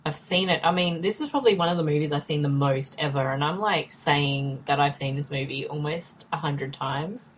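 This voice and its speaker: A woman co-host with a deep, low-pitched voice talks loosely and eagerly. She laughs often and fills her sentences with "like" and "you know," the way friends talk on a casual podcast. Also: normal speed, hardly any pauses, slight background noise, low-quality recording. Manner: chatty, laughs often, many fillers. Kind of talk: casual chat.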